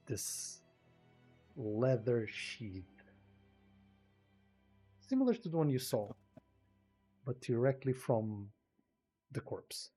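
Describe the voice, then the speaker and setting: A man runs a tabletop game, describing the scene in a husky, breathy voice. He takes his time over each phrase. Faint music plays under him. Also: medium pitch, mellow. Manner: slow, descriptive narration. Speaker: game master.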